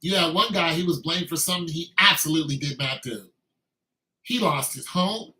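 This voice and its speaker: A man's voice: fairly high pitch, normal speed, sharp tone. A man delivering an emphatic, repetitive, scolding rant as a video commentator. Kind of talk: ranting commentary. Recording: echoey room.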